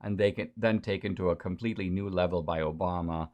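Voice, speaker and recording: A man's voice: low-pitched, fairly even intonation, fast talker, darkish tone. A man giving a lecture-style political commentary in a sarcastic, lecturing manner.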